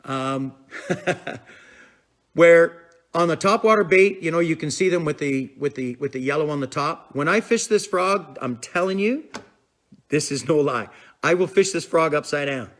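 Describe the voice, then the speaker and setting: A man's voice: on the high side, normal speed, fairly bright tone. A man hosting a casual live stream about fishing tips, rambling easily and answering viewer comments as he goes. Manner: chatty and rambling, with fillers like "I'm telling you" and "man"; reads out and answers viewer comments as they come in.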